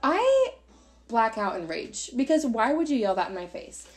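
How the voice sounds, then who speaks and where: Animated young woman telling a story. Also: on the high side, normal speed, faint music behind. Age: 20s. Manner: animated, swearing, acts out quotes. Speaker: podcast co-host. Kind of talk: casual storytelling chat.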